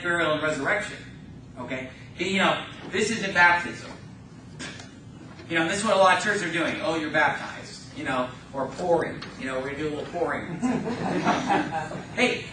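Fiery high-voiced preacher in an echoey church. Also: male voice, bright, forceful tone, slight background noise. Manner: fervent preaching, scripture quoted slowly, mocking asides. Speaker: pastor. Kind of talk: sermon. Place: church sanctuary. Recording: echoey church room, mic far off.

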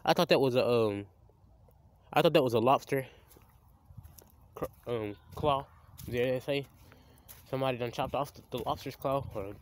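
A man's voice: mid-range voice, moderate pace, pauses often, slight background noise. A young man, filming a casual outdoor vlog by a creek on a handheld phone, rambling and stammering as he restarts his sentences. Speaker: vlogger. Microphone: handheld phone camera.

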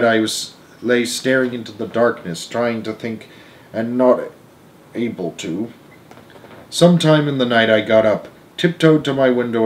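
A man's voice: medium pitch, a little mellow, poor audio. A man reading a chapter book aloud as storyteller, earnest and emotional, now and then restarting a phrase.

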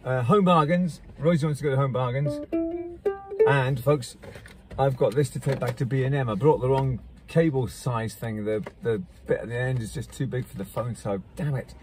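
A man's voice: mid-range voice, moderate pace, music in the background. A Scottish man vlogging around shops with a phone camera, chatting jokily to his viewers. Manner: jokey, chatty, addresses viewers as folks. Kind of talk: casual vlog chat. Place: shops, indoors.

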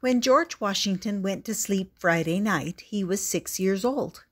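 An older woman reading a children's picture book aloud, gentle and deliberate, with little asides to the listener. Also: medium pitch. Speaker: storyteller.

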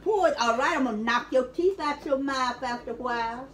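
A woman's voice: sits high, a little fast. An older woman, a grandmother, scolding and bluntly telling her granddaughter off at home. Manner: scolding, blunt and sharp-tongued. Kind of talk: casual home talk.

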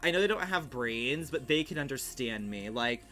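Bright-voiced young man livestreaming. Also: medium pitch, faint music behind. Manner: rapid, animated, filler-heavy, swearing. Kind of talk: casual livestream storytelling. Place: at home.

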